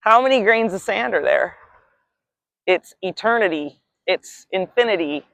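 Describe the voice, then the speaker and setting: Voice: mid-range voice, expressive, a little slow, vocal fry, fairly bright tone, no room sound. A vlogger talks in a loose, rambling way about spiritual ideas, reflective and now and then swearing. The voice sits mid-range, recorded dry and close outdoors by the shore. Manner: rambling, reflective, casually profane. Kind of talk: casual spiritual musing.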